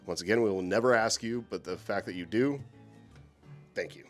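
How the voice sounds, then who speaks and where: A man co-hosting a casual chat about horror movies, animated and swearing freely. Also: fairly low pitch, moderate pace, soft background music. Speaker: co-host.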